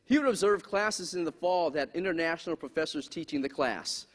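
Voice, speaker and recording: A man's voice: a little high, a little fast. A man giving a humorous public talk in a lecture hall, asking the audience questions as he goes. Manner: lively, asks the audience questions. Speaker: speaker. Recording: echoey hall, faint background noise.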